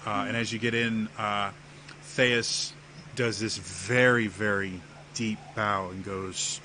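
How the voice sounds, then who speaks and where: A man narrating a tabletop game as game master, slow and hesitant with many fillers. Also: on the low side, fairly even intonation, bright, forceful tone, slight background noise.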